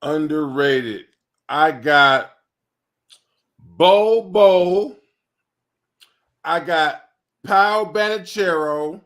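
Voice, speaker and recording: A man's voice: on the high side, drawn-out words, long pauses, a bit bright. A man appearing as a guest on a sports talk show, speaking in a laid-back, teasing way. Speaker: guest, former football player.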